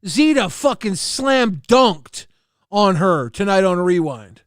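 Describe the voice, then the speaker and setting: A man's voice: sits high, very animated, slow pace, no echo, clean studio sound. A man co-hosting a casual livestream chat, laughing often, swearing and reading viewer messages aloud. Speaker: co-host.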